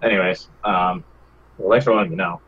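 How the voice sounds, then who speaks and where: Husky low man on a dull call line. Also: steady tone, brisk, fairly bright tone, no echo. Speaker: podcast panelist. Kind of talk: casual podcast discussion.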